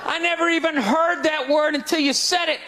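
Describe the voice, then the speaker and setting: Loud ranting high-voiced male comedian. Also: steady tone, a little fast. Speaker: stand-up comedian. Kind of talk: stand-up set. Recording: live stage mic over crowd laughter and noise. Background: audience laughing.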